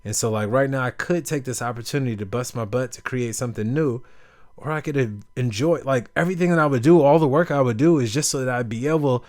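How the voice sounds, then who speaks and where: A man's voice: mid-range voice, fast. A young man hosting a podcast, talking casually and rambling with lots of fillers. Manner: rambling, filler-heavy storytelling. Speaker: podcast host. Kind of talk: casual chat.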